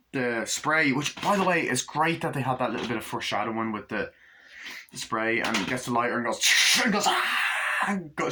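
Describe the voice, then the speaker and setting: A man retells a film scene by scene in a loose, excited way, full of fillers and swearing. His voice is bright and sharp, and his pitch sits in an average range. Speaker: movie reviewer. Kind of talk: casual film recap.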